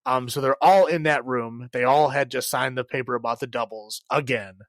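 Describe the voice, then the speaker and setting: A man's voice: medium pitch, steady tone, moderate pace, no room sound. A man co-hosting a podcast, casually recapping a film in a rambling way, full of filler words and laughs. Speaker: podcast co-host.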